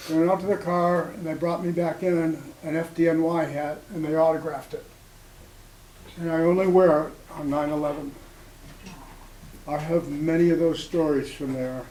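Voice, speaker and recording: A man in his sixties telling personal stories to a small audience, in a halting, conversational way full of ums and restarts. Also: on the high side, steady tone, warm tone, a little hiss or hum. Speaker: storyteller at an open mic. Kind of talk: spoken storytelling to a small audience. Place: small cafe gathering room. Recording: echoey room with faint ambience.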